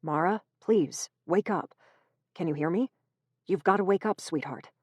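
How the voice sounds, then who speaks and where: A woman's voice: fairly low pitch, unhurried, breathy edge, dry recording, highs cut off. A woman voicing a frightened, tender young man. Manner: pleading, apologetic. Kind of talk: audiobook character reading.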